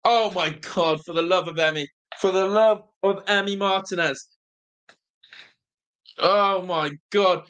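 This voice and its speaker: Excitable fan host. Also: mid-range voice, slow pace. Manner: excitable, shouting in celebration; chatty, thanking viewers in the live chat. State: overwhelmed, breathless. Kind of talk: live football watch-along commentary.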